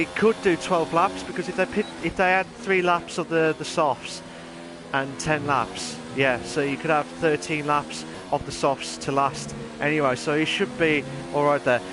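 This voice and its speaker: A man giving chatty live commentary on an online racing league, rambling and then bursting into excited shouts. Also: fairly high pitch, noisy background. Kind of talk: live esports race commentary.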